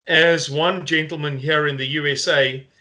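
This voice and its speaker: A man's voice: on the high side, fairly even intonation, normal speed, pushed and bright. A man with a South African accent giving an earnest, rallying video update to his supporters as a movement spokesman.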